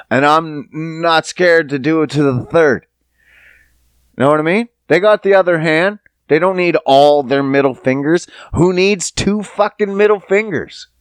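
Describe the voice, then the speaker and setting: A man hosting a podcast, telling profane, animated stories in a casual comedic rant, sometimes putting on voices. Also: fairly high pitch, clean tone, no echo. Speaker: podcast host. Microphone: podcast studio mic.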